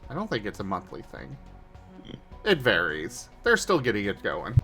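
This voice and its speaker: A man's voice: lowish voice, wildly swooping pitch, normal speed, bright, forceful tone, soft background music. A man hosting a livestream, welcoming viewers and chatting casually with plenty of fillers. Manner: rambling, filler-heavy. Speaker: streamer host.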